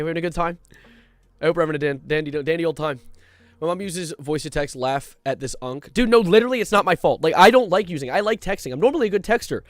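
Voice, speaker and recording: Lively, animated young male streamer. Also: a little high, no room sound. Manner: rambling, animated, jumps between chat and topic. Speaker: live streamer. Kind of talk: casual live-stream chat.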